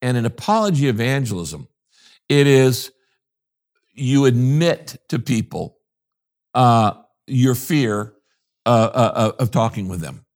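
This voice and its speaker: A man's voice: medium pitch, expressive, slow, pauses often, a little mellow. An older man, a pastor from the United States, talking in an interview in an emphatic, preacherly way and repeating his key phrases. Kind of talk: interview conversation.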